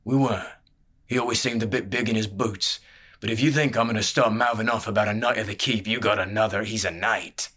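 A man voicing a greedy, wary old male barkeep who talks gruffly and says "aye". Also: on the low side, fairly even intonation, brisk, sharp tone. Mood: grudging.

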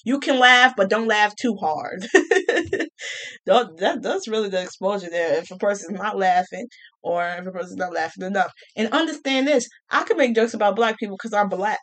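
A woman's voice: mid-range voice, lively intonation, normal speed. A young adult woman talking casually to camera, joking, laughing often and repeating her phrases. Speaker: vlogger.

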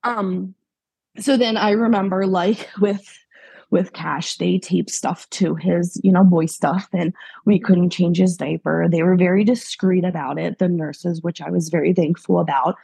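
A woman's voice: on the low side, fairly even intonation, a little slow, creaky, warm tone, breathy edge, dry recording. A woman from Pennsylvania, a podcast guest in her thirties, telling her story candidly in a rambling, filler-heavy way. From Pennsylvania, USA. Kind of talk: casual interview.

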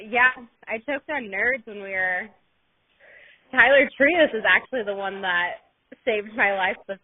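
A woman's voice: mid-range voice, breathy edge. Giggly woman, tinny phone sound. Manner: chatty, giggly, rambling. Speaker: podcast co-host. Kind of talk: casual storytelling chat.

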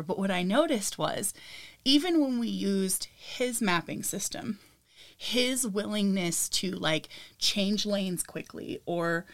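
A young woman co-hosting a podcast, telling stories in casual chat and laughing often. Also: mid-range voice. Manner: animated storyteller, laughs often. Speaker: podcast co-host.

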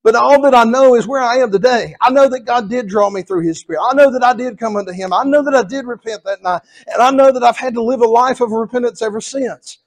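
High-voiced Southern preacher man. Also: fast, few pauses. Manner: earnest, repetitive preaching cadence. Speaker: pastor. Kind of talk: expository sermon.

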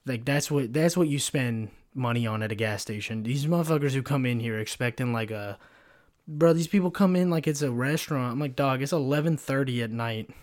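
A man's voice: fairly high pitch, a little mellow. Young man, solo podcast host, foul-mouthed rambling rant, close mic. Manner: profane, rambling storytelling with many fillers. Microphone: pop filter mic.

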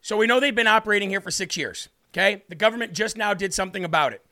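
A man hosting a political talk show, questioning his guest in an emphatic, forceful way. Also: high voice, quick pace, gravelly. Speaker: host.

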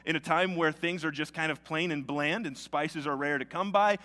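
High-voiced pastor with a Southern accent. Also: male voice, sharp tone. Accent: Southern American. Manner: conversational, quick asides to the congregation. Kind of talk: sermon. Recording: long hall reverb.

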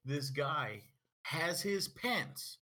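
A young man chats casually, spinning a story with animated energy. His voice is a touch husky and sits fairly high. It rises and falls a lot as he goes. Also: very slow. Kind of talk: casual chat.

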